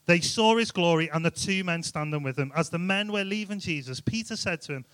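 Youth speaker: man, slightly high voice, dry close sound, casual joking delivery. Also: brisk, a bit bright, dry recording. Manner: chatty, jokey, rhetorical questions. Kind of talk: informal youth sermon.

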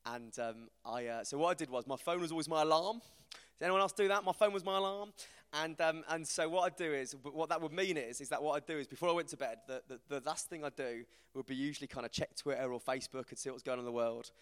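A man, giving an informal, self-deprecating talk to a church group, animated as he tells stories. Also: fairly high pitch, fast, hardly any pauses, smooth. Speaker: preacher. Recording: reverberant hall.

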